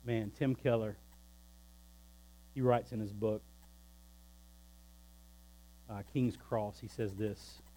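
A pastor preaching a sermon, emphatic and shifting between loud preaching and quiet, low asides. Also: male voice, fairly even intonation, takes it slowly, pauses often, poor audio.

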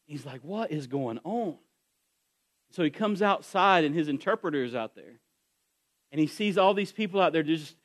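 Man, high voice, pastor preaching, builds intensity, repeats and restarts words. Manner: retells a story with rising intensity and frequent restarts. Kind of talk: sermon.

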